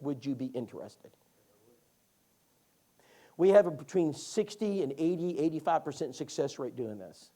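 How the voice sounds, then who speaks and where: A man teaching a Bible class, telling stories in a folksy, animated way. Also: on the high side. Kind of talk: lively classroom storytelling.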